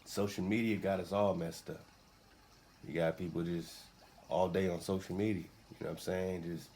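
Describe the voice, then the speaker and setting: Deep-voiced man, loose spiritual talk. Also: fairly even intonation, moderate pace, darkish tone. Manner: loose, street slang, repeats phrases. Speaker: radio show host. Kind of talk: casual spiritual teaching talk. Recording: faint background noise.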